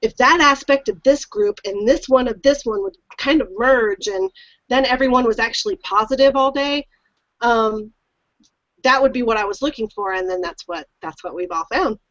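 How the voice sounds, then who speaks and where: A woman's voice: on the high side, moderate pace, a bit bright, dry recording. A woman co-hosting a casual chat, speaking in an earnest, emphatic and reassuring way. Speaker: co-host. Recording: dry, muffled lo-fi audio.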